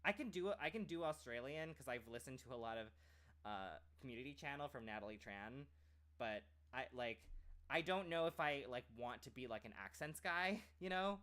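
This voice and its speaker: A man of average pitch chatting casually to his stream. He rambles and restarts his sentences, with "like" dropped in all the time. His delivery is loose and unscripted. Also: expressive, normal speed, fairly bright tone. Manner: rambling, full of "like" fillers and restarts. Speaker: streamer and aspiring voice actor. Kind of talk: casual chat.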